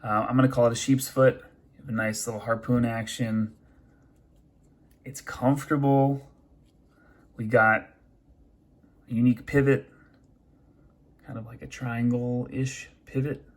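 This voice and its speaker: Young male host, casual reviewer, middle-pitched, chatty with fillers and restarts. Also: fairly even intonation, unhurried, pauses often. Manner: chatty, with many fillers and self-corrections. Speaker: knife reviewer.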